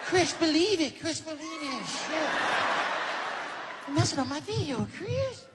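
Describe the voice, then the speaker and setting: Male comic doing a high, breathy, gentle star; soft and dreamy; noisy live track. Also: expressive, measured pace. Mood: scolding.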